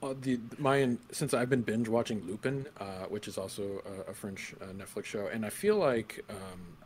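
A man's voice: on the low side, normal speed, a little mellow, slight background noise. A man co-hosting a live podcast, chatting with enthusiasm and frequent fillers. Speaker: podcast co-host. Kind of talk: casual chat.

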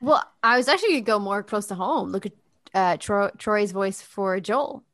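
A woman's voice: mid-range voice, moderate pace, a bit bright, no room sound. Sex: woman. Role: podcast co-host and actor. Style: casual chat, talking freely, swearing casually and laughing between points, her voice recorded close and dry.

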